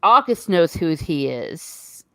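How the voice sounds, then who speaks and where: A woman's voice: low voice, big pitch swings, slow pace, creaky, clean tone, no echo. A woman in casual chat, enthusiastically retelling favorite scenes in detail. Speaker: podcast co-host.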